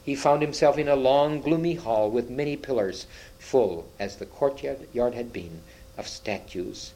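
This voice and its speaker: A man narrating a storybook aloud in slow, measured, dramatic tones. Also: medium pitch, mellow, rough recording.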